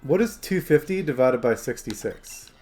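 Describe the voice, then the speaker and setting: Soft background music plays as a man streams a game, chatting and rambling casually to viewers, chat and his phone. He speaks at normal speed in an animated, darkish, mid-range voice.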